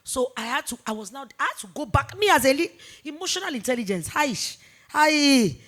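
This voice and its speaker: A woman in her forties, a business founder talking in a fireside chat interview, emphatic and animated, repeating points for weight. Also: high voice, fairly quick. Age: 40s. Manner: emphatic, animated storytelling with repetitions.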